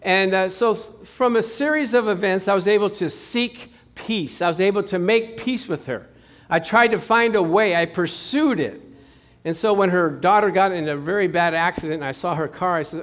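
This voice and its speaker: A man's voice: sits high, normal speed. A male pastor giving a sermon, telling a personal story in a chatty way and calling out to the congregation. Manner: chatty storytelling with crowd call-outs.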